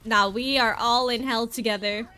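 A woman's voice: fairly high pitch, steady tone, normal speed, pushed and bright. A woman streamer chatting casually and playfully with friends during a game, giggling and teasing. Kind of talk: casual gaming stream chat.

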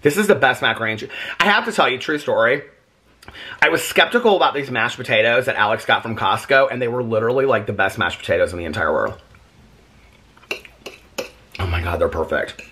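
Chatty, bright-voiced man vlogging at home. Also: mid-range voice, brisk, pauses often, breathy edge. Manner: rambling, animated, laughs often. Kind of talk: casual chat. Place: home kitchen.

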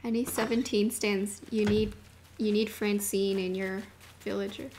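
A young woman streaming a video game, chatting casually and gushing excitedly, dropping to murmurs and rising to squeals. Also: medium pitch, measured pace, slight background noise. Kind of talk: casual live-stream chat while gaming.

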